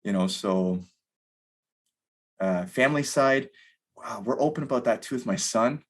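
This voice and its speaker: A man's voice: mid-range voice, animated, a little slow. A man in his thirties, a podcast guest talking candidly in a rambling way, full of fillers. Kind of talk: casual conversation.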